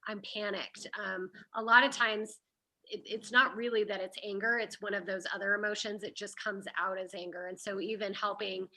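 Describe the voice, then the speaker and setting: A woman's voice: mid-range voice, steady tone, moderate pace, bright, forceful tone, poor audio. A woman hosting a casual discussion, guiding the topics conversationally. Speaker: host.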